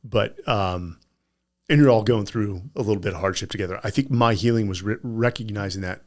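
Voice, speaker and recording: A man speaking as a podcast guest, telling personal stories in a casual, animated way. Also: fairly low pitch, brisk. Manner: animated anecdotal storyteller.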